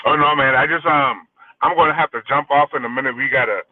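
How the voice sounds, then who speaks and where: A man speaking as a guest on a video call, relaxed and agreeable, heard over tinny, dry call audio. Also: mid-range voice, quick pace, dry recording. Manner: relaxed, agreeable, frequent affirmations. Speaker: panel guest. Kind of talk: casual panel conversation.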